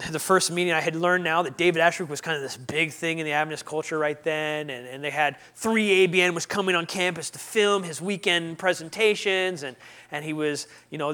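A young man telling his personal story with lively energy, slipping into quoted dialogue and back. His voice sits a touch high for a man, and he carries the listener through the tale like a conversation. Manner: animated, acts out his own and others' lines in dialogue. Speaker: speaker sharing a testimony.

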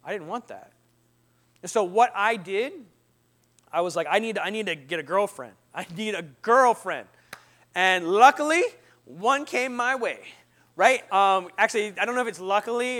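Man, thirties, preacher, lively storytelling sermon, very high voice, bright tone. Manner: storytelling, animated, jokes with the congregation. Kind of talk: sermon testimony.

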